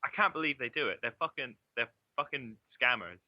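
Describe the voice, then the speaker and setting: A man's voice: medium pitch, animated, fairly quick, no room sound. A young man from southeast England in his twenties, a guest chatting casually, swearing freely and laughing often. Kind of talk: casual online chat. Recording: dull lo-fi audio.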